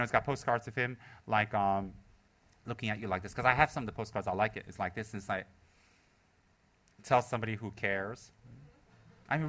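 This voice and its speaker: A man teaching a Buddhist dharma talk with a bright, forceful tone. He tells stories in an animated, chatty way and pokes fun at himself. His pitch sits at a middling level for a man. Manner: animated, chatty storytelling with frequent laughter; casual and self-deprecating, with restarts. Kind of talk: dharma talk with personal anecdotes.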